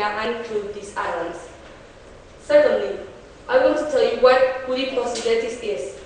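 A teenage woman speaks in a slightly high, earnest voice, explaining her debate case with frequent hesitations. She is caught by a distant mic, her words washing through a big echoey hall over a faint hiss. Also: a little mellow. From Chile. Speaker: student debater. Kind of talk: competitive debate speech.

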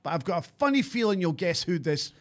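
High-voiced Scottish podcast host. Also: male voice, sing-song, fast talker. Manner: upbeat, reads sponsor plugs, teasing. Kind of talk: casual podcast hosting. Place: podcast studio.

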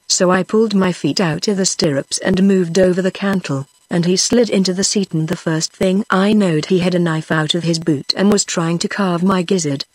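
A text-to-speech woman's voice with a British accent, reading an audiobook in an even, steady way. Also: lowish voice, normal speed, few pauses, no room sound. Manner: even, steady machine-read delivery. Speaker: audiobook narrator.

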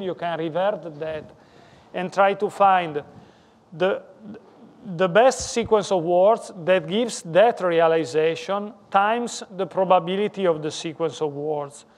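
A man giving a technical lecture as a guest speaker, explaining step by step with occasional restarts and non-native grammar. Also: high-pitched.

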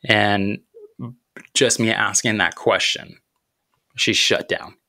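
A man's voice: lowish voice, little pitch movement, pushed and bright, no echo, studio quality. A man in his thirties, a podcast host telling a personal story about faith and parenting in an earnest, reflective way. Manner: earnest, reflective, unhurried, with thoughtful pauses.

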